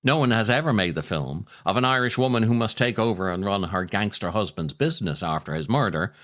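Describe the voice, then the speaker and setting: Man, podcast host, reads his own essays, lowish voice, lively swooping delivery, wry, unhurried. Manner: wry, dry humor.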